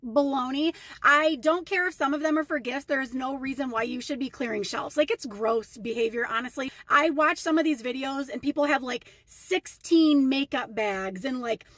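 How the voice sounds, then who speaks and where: Chatty high-voiced woman telling a story. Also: moderate pace, hardly any pauses, no room sound. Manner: chatty, animated, indignant. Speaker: storytime vlogger. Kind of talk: casual storytime rant.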